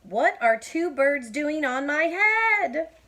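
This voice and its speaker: A woman voicing an anxious, excitable male elephant in a storybook, shouting worried questions in a raised voice. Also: medium pitch, unhurried. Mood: alarmed.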